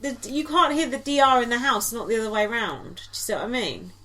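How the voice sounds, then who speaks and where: Woman podcast co-host, highish voice, rambly, giggly, filler-heavy recap. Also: fairly quick, pushed and bright. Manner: chatty, lots of ums and likes, giggly asides. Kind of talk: casual recap chat.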